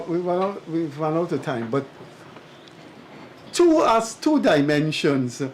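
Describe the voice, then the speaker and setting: Male co-host, higher register, measured academic delivery. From Guyana. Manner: measured, deliberate, emphatic, speaks as an academic. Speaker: co-host and commentator. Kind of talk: studio talk show commentary.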